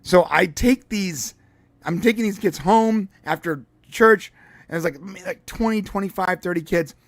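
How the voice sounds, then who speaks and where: A middle-aged man co-hosting a podcast, telling stories in animated casual chat with many restarts. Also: high voice, moderate pace, no room sound. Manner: animated storytelling, lots of restarts. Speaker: podcast co-host.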